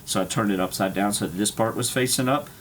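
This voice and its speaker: A man's voice: on the low side, fast talker, a little hiss or hum. A man streaming, telling a rambling, profane travel story with lots of fillers and laughs.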